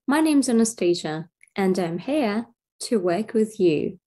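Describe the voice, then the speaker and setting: A woman teacher giving a slow, clear video English lesson. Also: medium pitch, animated, warm tone. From Belarus. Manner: slow, clear classroom delivery.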